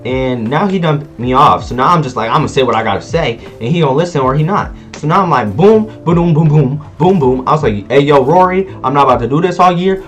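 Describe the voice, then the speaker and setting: A teenage boy telling a school drama story in a casual vlog, animated and slangy, acting out quoted lines. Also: on the high side, a little fast, few pauses, faint music behind. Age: teens. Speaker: vlogger.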